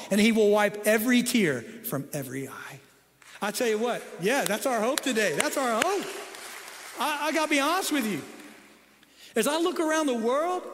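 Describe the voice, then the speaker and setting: A middle-aged male pastor with a high voice delivers a sermon, sinking to soft, low passages and then climbing to excited peaks. His voice carries a long reverb tail through a church sanctuary. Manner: dynamic preaching, swinging from soft low tones to excited peaks.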